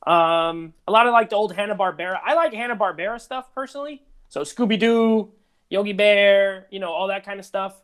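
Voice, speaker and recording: A man's voice: high voice, fairly quick, a bit bright, smooth. A man in his thirties co-hosting a podcast, rambling in casual chat with lots of "like". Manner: rambling, heavy use of "like". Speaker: podcast co-host.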